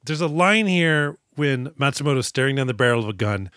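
A man's voice: mid-range voice, expressive, brisk, bright, forceful tone, dry recording, clean studio sound. A man co-hosting a podcast, retelling a movie in a casual, profane and laughing way. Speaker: podcast co-host. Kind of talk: casual movie-review chat.

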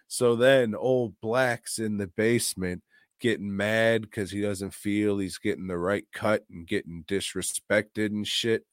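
Slow-talking, profane male podcast host. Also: fairly low pitch, fairly even intonation, no room sound, studio quality. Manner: profane, rambling, jokey retelling. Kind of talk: casual movie-review chat.

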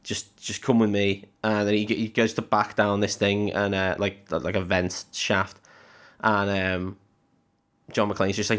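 A man's voice: fairly low pitch, little pitch movement, a little slow, fairly bright tone. A young man co-hosting a podcast, animatedly retelling a film and acting out its lines. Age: young adult. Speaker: podcast co-host. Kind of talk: casual film-recap chat.

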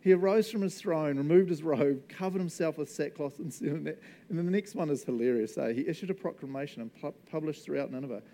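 A man giving a casual, animated sermon, laughing often and acting out voices. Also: fairly high pitch, fairly quick. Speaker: preacher.

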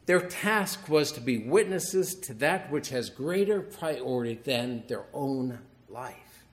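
Middle-aged male priest, wry storytelling homily, mid-pitched voice. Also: expressive, takes it slowly. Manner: storytelling, conversational with wry humor.

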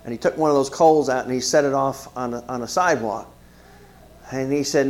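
A man's voice: medium pitch, fast. A middle-aged man preaching a sermon, telling a story and turning to the congregation with questions and asides. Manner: animated, conversational preaching with frequent asides to the congregation. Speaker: pastor.

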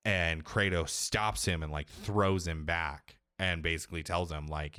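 A young man co-hosting a podcast casually recaps a video game's story, rambling, swearing, and saying "like" constantly. His low voice is steady, measured, and pushed and bright, with few pauses, and the studio sound is clean with no echo.

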